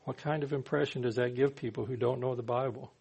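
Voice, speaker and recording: A man's voice: mid-range voice, steady tone, fast talker, vocal fry, darkish tone, breathy edge. A man preaching a sermon in a conversational way, sometimes acting out the people he quotes. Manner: conversational, acts out quoted speakers.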